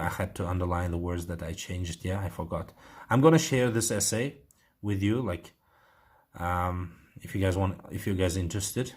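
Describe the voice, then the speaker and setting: A man's voice: deep voice, a little mellow, breathy edge. A man with an Uzbek accent, teaching IELTS writing and thinking aloud with many fillers as he corrects an essay.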